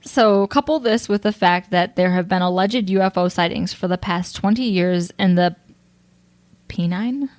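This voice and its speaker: A woman's voice: fairly low pitch, steady tone, moderate pace, hardly any pauses, darkish tone, no echo. A young woman co-hosting a casual true-crime podcast, reading from her notes and laughing often, a little tipsy on whiskey. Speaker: podcast co-host presenting the case.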